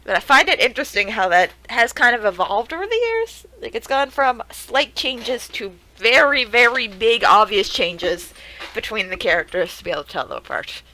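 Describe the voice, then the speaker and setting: Young woman streamer, bright voice, swears freely and shouts at the screen, reaction-stream energy. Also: on the high side, moderate pace, low-quality recording. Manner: excitable, swearing, laughing, talking to the screen. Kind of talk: casual reaction commentary.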